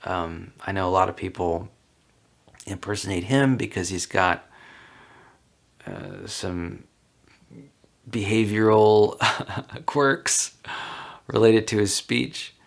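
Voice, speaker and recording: A man's voice: on the low side, slow pace, vocal fry, pauses often. A man talking casually on his own, answering questions in a rambling, chatty way with light laughs. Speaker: vlogger.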